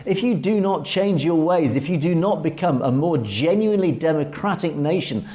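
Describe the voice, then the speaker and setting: A man's slightly high, mellow voice with lively intonation comes at a moderate pace. He's a European co-host with an English accent on an opinionated commentary talk show, emphatic, reading viewer comments and restarting phrases often.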